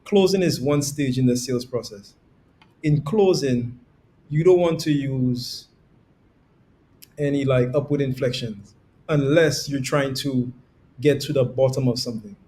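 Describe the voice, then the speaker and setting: Man explaining sales calls in a middle pitch. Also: a little slow, long pauses, dark tone. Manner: demonstrates tones with quoted examples, laughs easily. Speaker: guest sales coach. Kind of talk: conversational podcast explanation.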